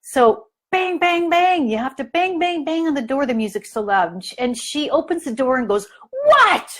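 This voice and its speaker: A woman's voice: high voice, expressive, normal speed. A woman giving a live parent training, telling an everyday story and asking her listeners questions, with many fillers. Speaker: family consultant giving a training. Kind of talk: live online training talk.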